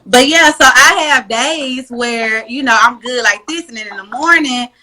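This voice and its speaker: A woman guest on a casual talk show, telling stories in an animated, slangy, joking way. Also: on the high side, normal speed, poor audio. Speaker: podcast guest. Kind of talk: casual interview chat.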